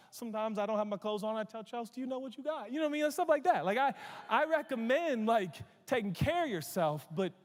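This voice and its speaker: A male pastor with a high, bright-toned voice, preaching in a large church hall with a long, ringing reverb. He swings from loud, emphatic proclamations to low, chatty asides, and throws in humor for his congregation. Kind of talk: sermon.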